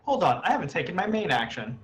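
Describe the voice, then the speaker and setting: A man playing a tabletop game, excitable and quick to swear. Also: fairly high pitch. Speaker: player.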